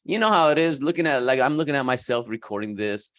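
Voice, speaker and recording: A man coaching estheticians in a casual talk to camera, animated and slangy, sometimes jumping into high voices to quote people. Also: quick pace.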